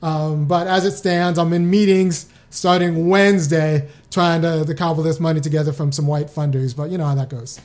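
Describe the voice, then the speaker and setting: A woman's voice: sits low, fairly even intonation, moderate pace, few pauses, a little mellow. A middle-aged woman hosting a casual commentary show, talking wryly and reading out old letters. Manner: conversational, wry, speeds up when emphatic.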